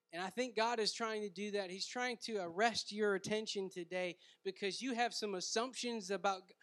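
A man preaching a sermon as pastor, reading scripture aloud with force and dropping to hushed asides, chatty with frequent "right?" between points. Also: sits high. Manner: conversational, with fillers like "right?" and "man".

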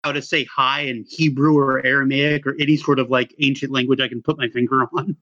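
A man's voice: mid-range voice, flat delivery, brisk, bright, forceful tone, muffled recording. A man playing in a tabletop game, talking eagerly and rambling with lots of "like". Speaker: player. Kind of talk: casual tabletop role-play.

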